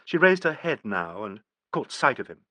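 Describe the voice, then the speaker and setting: A man narrates an audiobook from a script, telling the story in a steady, even manner. His pitch is medium, his speed normal, and there's no echo.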